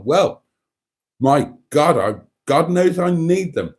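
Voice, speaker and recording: A man's voice: fairly high pitch, animated, takes it slowly. A man hosting a livestream, tipsy from wine, chatting, laughing and reading comments aloud. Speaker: livestream host. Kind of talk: casual livestream chat.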